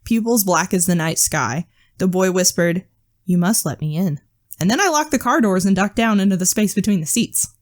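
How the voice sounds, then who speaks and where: A podcast co-host with a mid-range voice talks fairly quickly. She casually tells spooky stories, punctuated by frequent swearing and nervous laughter.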